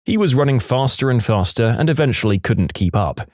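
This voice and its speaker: A man's voice: mid-range voice, expressive, fairly quick, darkish tone, dry recording. A man narrating a series of short workplace stories in a scripted voice-over, adding his own dry asides between them.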